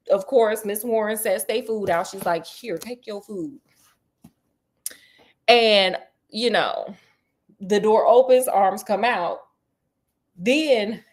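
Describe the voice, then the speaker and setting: Woman storyteller, casual and slangy, retells a detective tale by voicing its characters' lines. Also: medium pitch.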